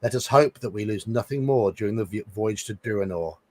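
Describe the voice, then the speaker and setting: A man's voice: on the low side, a little fast, a little mellow, lightly acted. A man reading as a grave sea captain. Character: tall red-bearded ship captain, grave.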